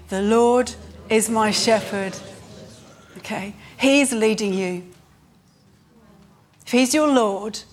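Earnest woman preaching a sermon. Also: on the high side. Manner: earnest, rising with emphasis, slows for scripture.

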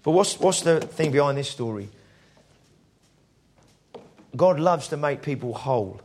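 A male preacher tells his sermon like a story over coffee, slipping into the voices of the people he describes. His voice sits a little high for a man. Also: lively intonation, unhurried, a little mellow. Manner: conversational storytelling, acts out quoted voices.

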